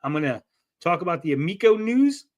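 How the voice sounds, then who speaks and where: Man, livestream host, fairly high voice, casual rambling chat, jokey. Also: very animated, brisk. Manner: rambling, joking, reads chat aloud.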